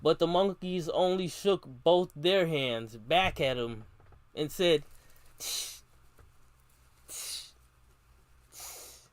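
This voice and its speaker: A man's voice: on the high side, slow, dry recording. A man streaming live, reading a children's book aloud in a slangy, casual way and repeatedly tacking on a catchphrase between lines.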